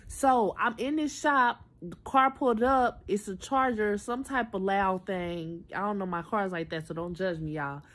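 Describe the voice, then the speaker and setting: A woman in her twenties telling a personal story in a chatty, animated storytime style, talking straight to her viewers. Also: mid-range voice, normal speed. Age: 20s. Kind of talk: casual storytime.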